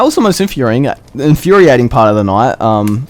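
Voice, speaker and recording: A man telling a story to the camera in a loose, excited way, full of swearing and restarts. His voice sits at an ordinary middle pitch. He talks casually, like a vlogger chatting to his viewers. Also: fairly quick, few pauses. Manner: animated, profane, rambling.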